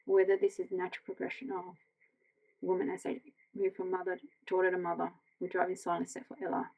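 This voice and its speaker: An Australian woman reading a novel aloud as a bedtime story, in a quiet, gentle voice that slips into whispers. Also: lowish voice, vocal fry, slightly rough, poor audio. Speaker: audiobook reader.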